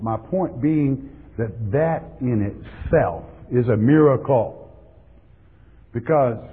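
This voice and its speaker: Slow, husky preacher in a hall. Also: male voice, mid-range voice. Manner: emphatic, repeats words for stress. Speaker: pastor. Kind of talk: sermon. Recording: tinny lo-fi sound in a reverberant hall.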